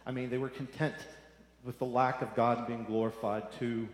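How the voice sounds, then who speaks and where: A man's voice: mid-range voice, level tone, normal speed. A man preaching a sermon, earnest and repeating phrases for emphasis. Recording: echoey hall.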